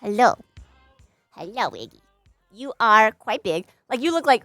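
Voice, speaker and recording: A young woman streaming from home, chatting in a playful, sing-song way. Her voice sits a touch high and swoops widely as she drawls along slowly. Soft music hums faintly in the background. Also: very animated, no echo, studio quality. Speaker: streamer and balloon artist. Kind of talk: casual live-stream chat.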